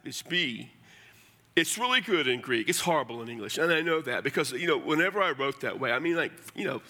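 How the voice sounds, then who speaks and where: A middle-aged man preaches a sermon in a conversational, folksy way, tossing in blunt asides. His voice is a bit high and bright, with a forceful edge. The sound carries the long reverb of a large church hall. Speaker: pastor.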